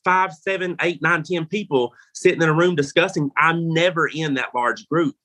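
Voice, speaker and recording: A man's voice: a little high, moderate pace, bright, forceful tone. A man with a Kentucky accent, a reality show contestant chatting brashly as a guest on an interview podcast, full of "like" fillers. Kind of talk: casual interview chat.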